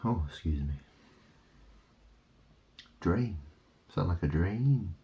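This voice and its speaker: A man's voice: deep voice, animated, takes it slowly, mellow. A man in a rambling monologue, drifting through wordplay and trailing off. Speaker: vlogger. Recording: dull lo-fi recording.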